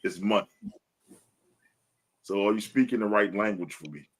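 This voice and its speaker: A man's voice: on the low side, moderate pace. A man co-hosting a casual sports podcast, talking bluntly with lots of profanity and laughing often between lines. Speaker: podcast co-host. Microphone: live stream podcast mic.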